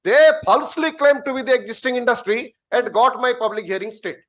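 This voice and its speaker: Courtroom lawyer, man, Indian English, high voice, pressing his point. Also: a little fast, a bit bright. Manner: insistent, addresses the bench as my lord. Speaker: advocate. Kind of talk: courtroom argument.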